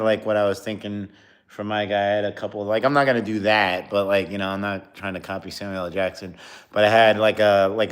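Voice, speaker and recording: Rambling, low-voiced man streaming live. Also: smooth. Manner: rambling, talks while eating. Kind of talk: casual live-stream chat.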